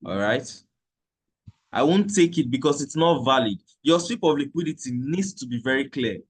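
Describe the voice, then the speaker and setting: A man's voice: mid-range voice, lively intonation, normal speed, breathy edge. A man teaching a live trading lesson in a conversational way, repeating points and checking in with "okay?". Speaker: trading instructor.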